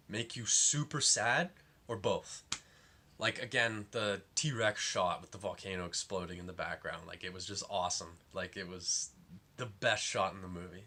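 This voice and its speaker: Young guy reviewing a movie, low voice but bright and punchy, keeps saying like. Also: slight background noise. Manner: rambling, lots of "like" fillers, exasperated. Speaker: film reviewer. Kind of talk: casual film review.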